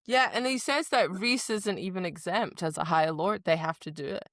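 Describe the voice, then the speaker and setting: Woman on a book podcast, lowish voice, super animated, dry close mic. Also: no echo. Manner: animated, acts out characters with a quick rush. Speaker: podcast co-host. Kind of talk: casual book-club chat.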